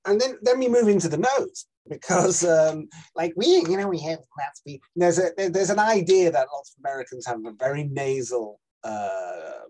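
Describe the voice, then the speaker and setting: A man's voice: fairly high pitch, normal speed, hardly any pauses, a little mellow. Hesitant man hosting a casual chat. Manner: hesitant, searching for words. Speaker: host.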